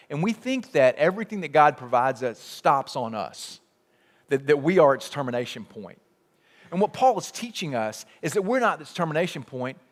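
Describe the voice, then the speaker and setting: A man preaching a sermon in a church, with rhetorical questions and lots of repetition. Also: on the high side. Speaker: pastor. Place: church sanctuary. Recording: long hall reverb.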